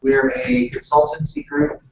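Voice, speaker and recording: A man's voice: extremely high pitch, animated, measured pace, vocal fry. A man running a workshop, talking casually with lots of fillers and restarts. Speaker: workshop facilitator. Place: meeting room. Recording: echoey room from far off, muffled, noisy.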